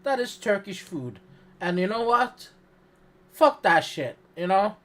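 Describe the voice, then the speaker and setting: A man's voice: high-pitched, big pitch swings, unhurried, fairly bright tone. A man streaming live, reacting to a video with profane, sarcastic, rambling commentary.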